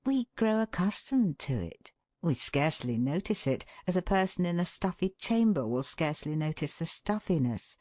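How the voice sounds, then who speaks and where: A woman's voice: on the low side, moderate pace, no echo, clean studio sound. A woman reading an audiobook aloud, shifting her tone to act out the quoted lines. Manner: expressive, shifts tone for quoted speech. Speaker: audiobook narrator. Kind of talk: scripted narration.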